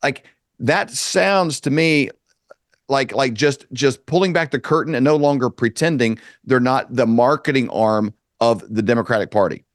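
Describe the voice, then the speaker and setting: A man from rural Kansas, a guest on a talk radio show, speaking conversationally with halting restarts. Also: mid-range voice, no echo, studio quality.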